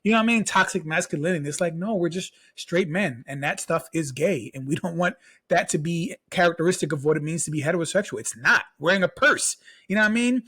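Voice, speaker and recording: A young man co-hosting a casual podcast chat, talking in an animated way that jumps up in pitch when he gets worked up. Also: quick pace, breathy edge. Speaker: podcast co-host.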